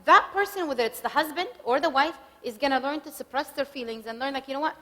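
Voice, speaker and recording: A middle-aged woman giving a conversational marriage workshop talk, acting out spouses' lines as quick examples. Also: high voice, pushed and bright. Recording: reverberant hall recording.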